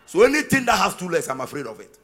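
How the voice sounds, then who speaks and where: A man preaching a sermon as pastor, emphatic and sing-song, rising to shouted peaks. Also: high voice, very animated, fast talker, husky. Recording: long reverb of a large hall.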